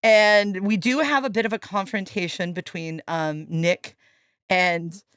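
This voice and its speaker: A woman hosting a casual podcast chat about a film, telling scenes in an animated way and acting out the quotes. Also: fairly low pitch, unhurried, smooth, no room sound. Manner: animated storytelling, acts out quotes. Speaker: podcast host. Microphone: podcast microphone.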